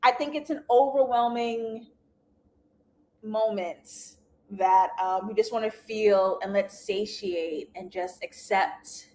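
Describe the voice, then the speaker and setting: A woman's voice: medium pitch, takes it slowly, dark tone, slight background noise. A young woman hosting a live TV review show, chatting casually to viewers with slangy asides and frequent laughter.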